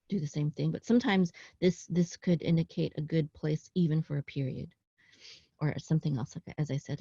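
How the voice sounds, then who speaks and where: A woman with a somewhat low voice walks learners through a Hebrew passage in a casual online class. She pauses often, corrects herself, and checks in with "okay?". The recording is dull and dry, as if from a small, dead room. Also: gravelly, dark tone, dry recording. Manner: halting, with frequent ums, self-corrections and "okay?" check-ins. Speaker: Hebrew teacher. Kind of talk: casual online class, explaining text on screen.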